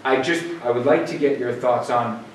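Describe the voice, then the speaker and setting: A man on a zoning board speaking at a public hearing, measured and halting, with frequent restarts. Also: mid-range voice. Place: town meeting room. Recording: echoey room from far off, faint hiss.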